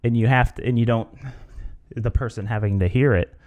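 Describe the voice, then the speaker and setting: A man's voice: medium pitch, steady tone, a little fast, darkish tone. A man hosting a podcast alone, rambling casually and acting out different tones of voice. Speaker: podcast host. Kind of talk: casual solo podcast talk.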